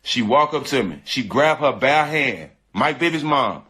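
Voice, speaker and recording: A medium-pitched, expressive male voice, bright and pushed with a breathy edge, moves at a measured pace. The guest sincerely recounts something painful that happened to him, speaking in repetitive, slangy, everyday terms as he tells his emotional story.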